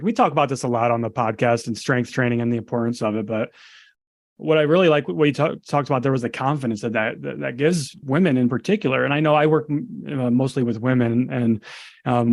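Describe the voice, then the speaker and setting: A man's voice: mid-range voice, no room sound. A man co-hosting a podcast and talking casually about training his clients. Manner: fast, with filler restarts.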